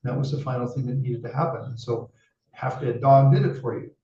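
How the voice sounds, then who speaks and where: A man voicing a calm, wise male Buddha who explains patiently. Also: medium pitch, a little fast, close to an everyday voice. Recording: roomy, distant, dull sound.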